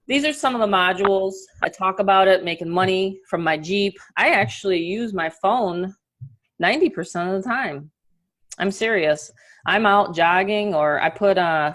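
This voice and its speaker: Middle-aged New York woman, upbeat webinar coach on a call, lowish voice. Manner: energetic and upbeat, talks in quick bursts. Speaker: online marketing coach. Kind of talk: live webinar presentation.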